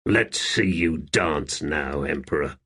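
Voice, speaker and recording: A man's voice: very deep voice, slow pace, sharp tone, husky, pitched below the performer's own voice, heavily acted. A man voicing a grim, defiant veteran swordsman captain in an audiobook. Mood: menacing. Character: hard-bitten veteran male swordsman captain.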